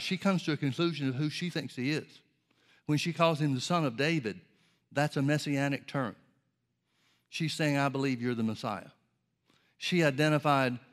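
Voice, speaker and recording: A man preaching a sermon, explaining scripture in a measured way and reading old-style Bible verses aloud. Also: medium pitch, fairly bright tone.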